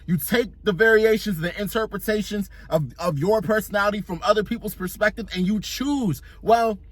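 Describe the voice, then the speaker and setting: High-pitched and brisk, this self-improvement vlogger talks with no echo around him. The young man delivers a laid-back pep talk full of slang and swearing, working his way through a long analogy.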